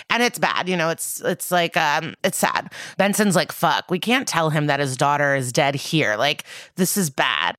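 A young woman with a slightly low voice chats her way through a TV recap, peppering it with swearing and quoted dialogue. The sound is close and dry, with no room around it. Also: fairly bright tone, no echo. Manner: swears casually, retells scenes with quoted dialogue. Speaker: podcast co-host. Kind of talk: casual recap chat.

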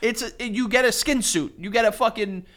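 A man co-hosting a casual podcast chat, loud and animated, swearing freely and breaking into loud laughter. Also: high voice, a little fast. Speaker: podcast co-host.

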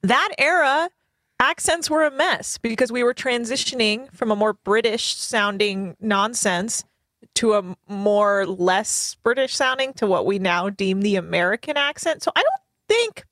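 A woman's voice: on the high side, lively intonation, unhurried, a bit bright, no room sound. A woman chatting as a podcast guest, rambling and poking fun at herself. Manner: rambling, self-mocking. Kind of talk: casual chat.

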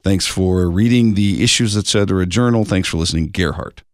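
A man co-hosting a radio show, reading listener emails in a measured, steady way. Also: low voice, no room sound, studio quality. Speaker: radio co-host.

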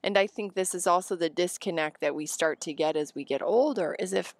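Brief: woman with a lowish voice, dry close mic, calm and reflective in conversation. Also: brisk, dry recording. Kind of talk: casual chat.

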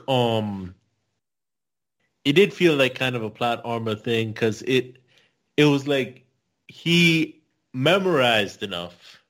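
A man co-hosting a podcast, giving a thoughtful, hedging take with frequent fillers. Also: medium pitch. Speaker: podcast co-host. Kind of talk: casual podcast discussion.

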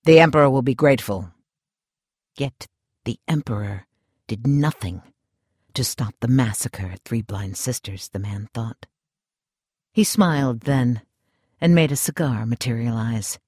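A male narrator reads an audiobook with calm, unhurried steadiness. His voice sits in an average register, and the recording is dry and close with no room sound. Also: medium pitch, breathy edge, dry recording. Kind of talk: scripted narration.

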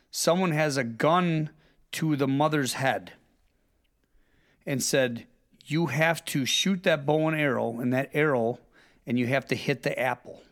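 A middle-aged man talking bluntly in a casual chat, telling stories with swearing and quick impressions of other people. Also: fairly high pitch. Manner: blunt, profane storytelling with lively impressions.

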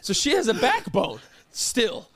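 Podcast host guy, high voice, super animated storytelling, hamming it up. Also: unhurried. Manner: animated, exaggerated comic storytelling. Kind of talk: casual storytelling chat.

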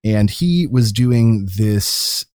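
A low-voiced man co-hosts a casual podcast conversation. He winds through his anecdotes with restarts and corrections, recorded dry and close to the mic. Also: lively intonation, very slow, darkish tone, no echo. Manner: rambling, self-correcting anecdotes. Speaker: podcast co-host. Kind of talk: casual chat.

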